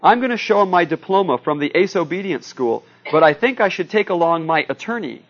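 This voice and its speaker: A man's voice: sits high, animated, a little fast, fairly bright tone, dull audio, heavily acted. A man reading aloud as a blunt, confident tomboy girl from a comic strip, in a brash, matter-of-fact way. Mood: indignant.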